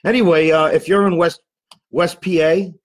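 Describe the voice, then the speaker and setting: A man's voice: a little high, fairly even intonation, normal speed, low-quality recording. A man who is an actor, guesting on a podcast and rambling loosely about his projects. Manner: loose, rambling, easily sidetracked. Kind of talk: casual chat.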